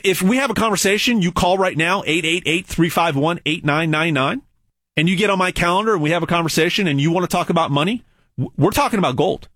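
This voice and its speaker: A man with a husky edge to his voice drives a hard sales pitch, repeating words to hammer each point. His pitch swoops up and down as he mocks and warns. The sound is dry and close, with no room around it. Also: no echo. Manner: animated and repetitive, stacking phrases for emphasis; blunt and mocking. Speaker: gold investment salesman. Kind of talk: emphatic sales pitch monologue.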